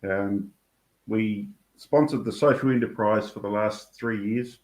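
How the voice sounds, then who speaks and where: Man, award presenter, plain quiet delivery, deep voice, roomy echo, away from the mic. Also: steady tone, unhurried. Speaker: award presenter, club past president. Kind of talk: brief remarks at a ceremony.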